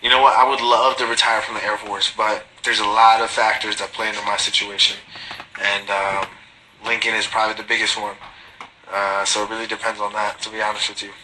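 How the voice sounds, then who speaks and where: A man's voice: on the low side, level tone, a little fast, pushed and bright, a little hiss or hum, poor audio. A man casually chatting on a phone livestream, reading viewer comments aloud and answering them in slangy, swearing talk. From Guatemalan family. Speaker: livestreaming reality TV personality.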